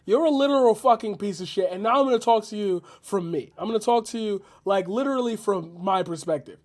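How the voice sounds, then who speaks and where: A man's voice: high-pitched, fairly quick. A man streaming his reaction to a video, ranting with heavy swearing and repetition. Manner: profane, heated, repetitive rant. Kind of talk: angry ranting commentary.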